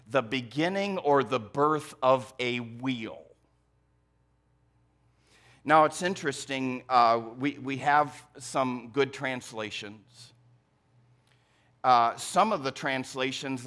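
Pastor with a Michigan accent, man, preaches slowly and deliberately to his congregation. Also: mid-range voice, a bit bright. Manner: slow, deliberate preaching with emphatic phrasing. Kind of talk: sermon. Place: church sanctuary.

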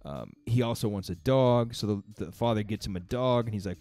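A man's voice: lowish voice, quick pace, hardly any pauses, dark tone, no room sound, faint music behind. A man coaching in a casual devotional talk, earnest and conversational, laughing between his points. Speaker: fitness coach giving a daily faith talk.

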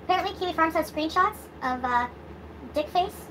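Young woman ranting on her vlog, high voice, upset and sweary, bit of noise behind. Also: lively intonation. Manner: swearing, upset, fast rants with sighs. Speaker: vlogger. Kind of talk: angry venting vlog.

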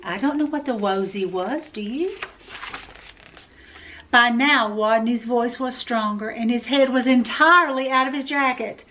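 A woman children's librarian reading a picture book aloud at storytime, expressive and playful, asking her young listeners questions. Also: a little high, measured pace.

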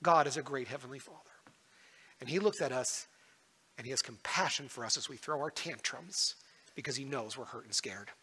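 A man's voice: medium pitch, moderate pace, pushed and bright, husky. A man preaching a sermon as a pastor, telling a personal story in an earnest way. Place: church. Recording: echoey church hall.

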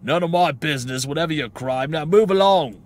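A man voicing a gruff, scornful male jail guard in a game, with a put-on accent. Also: a little high, brisk, voice pushed up, close to an everyday voice.

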